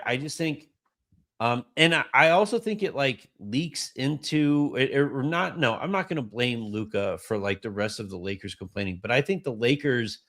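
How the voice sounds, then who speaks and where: A man's voice: mid-range voice, fairly bright tone. A man with a mid-range voice co-hosts a casual sports podcast. He talks emphatically and rambles, piling on stories to make his point. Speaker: podcast co-host. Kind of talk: casual sports recap chat.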